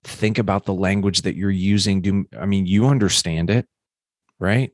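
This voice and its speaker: Middle-aged man co-host, very low pitch, dry sound, animated storytelling. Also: normal speed, no echo. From United States. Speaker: podcast co-host. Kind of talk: casual chat.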